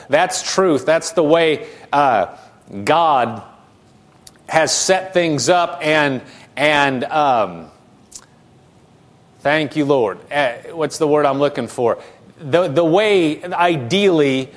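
A male pastor preaching a sermon, asking his congregation questions and repeating words as he goes. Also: on the high side.

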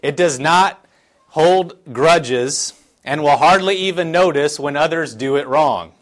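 A man's voice: on the high side, a little slow. Man preaching earnestly in church. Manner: earnest, conversational preaching with frequent restarts and scripture reading. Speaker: pastor. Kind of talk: sermon.

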